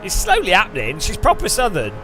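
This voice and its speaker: A man with an English accent chatting casually to his stream while racing, rambling, with quick outbursts at other drivers. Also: sits high, wildly swooping pitch. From England. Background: music.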